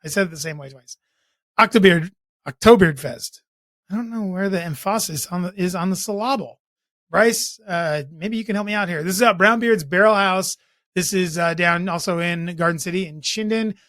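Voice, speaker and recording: A man's voice: high voice, a little fast, pushed and bright, dry recording, studio quality. A man hosting a podcast, running through weekend events in a rambling, chatty way with jokey asides. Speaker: podcast host. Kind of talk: casual event roundup.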